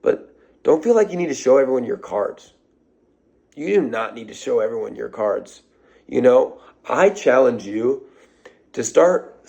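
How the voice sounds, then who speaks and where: A man's voice: mid-range voice, sing-song, normal speed, vocal fry, a little mellow, slightly rough. A man giving an off-the-cuff motivational rant to his followers, blunt and profane, hammering phrases over and over. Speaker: social media creator.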